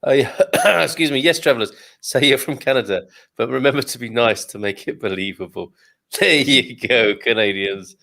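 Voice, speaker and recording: Bloke hosting a live wine chat, jokey, reads out comments, easygoing. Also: male voice, mid-range voice, normal speed, vocal fry, bright, forceful tone. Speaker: host. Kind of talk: casual live-stream chat.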